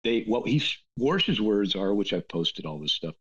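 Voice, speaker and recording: A man talking in a casual, animated rant, with lots of restarts and asides. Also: fairly low pitch, measured pace, hardly any pauses, breathy edge. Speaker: podcast guest. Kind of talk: casual ranting conversation. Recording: dull lo-fi sound.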